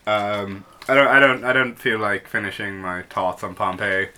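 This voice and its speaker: Laughing low-voiced man chatting on a podcast. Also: fairly even intonation, normal speed, sharp tone, a little hiss or hum. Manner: laughs often, tells anecdotes loosely. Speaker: podcast co-host. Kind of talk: casual chat.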